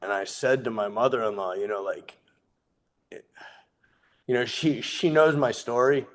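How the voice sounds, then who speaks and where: A man in his thirties giving a sobriety meeting share, earnest and heartfelt, candid and quick to swear. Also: mid-range voice, fairly bright tone. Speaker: guest speaker sharing his recovery story.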